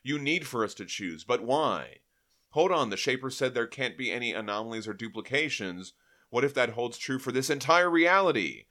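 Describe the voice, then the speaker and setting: Casting note: a man voicing an earnest, formal space hero, bright tone, light touch. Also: mid-range voice, expressive, moderate pace. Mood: reasoning. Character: noble silver-skinned male space hero.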